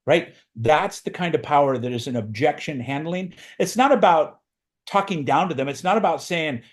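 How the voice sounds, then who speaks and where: Emphatic man coaching with a slightly high voice. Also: lively intonation, normal speed. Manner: emphatic, repetitive motivational phrasing. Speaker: real estate recruiting coach. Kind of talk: motivational training talk.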